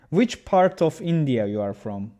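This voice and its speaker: A man's voice: a little high, a bit bright. A man casually commenting a chess game on a livestream, reading viewers' messages aloud and answering them, often restarting his sentences.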